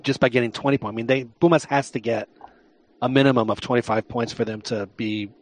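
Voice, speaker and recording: A man co-hosting a soccer podcast, talking through the numbers in a halting way, repeating words. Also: mid-range voice, steady tone. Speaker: podcast co-host. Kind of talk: casual sports chat.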